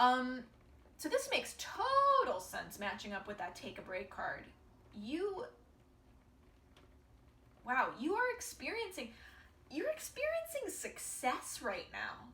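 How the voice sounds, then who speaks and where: A woman reads tarot for her viewers in an earnest, reassuring way, and her voice sometimes sinks into soft half-whispers. The mic sits well away from her, so the sound is roomy and hollow. A faint hiss runs underneath. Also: a little high, wildly swooping pitch, measured pace, recorded from a distance. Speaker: tarot reader. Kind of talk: pick-a-pile tarot reading to viewers.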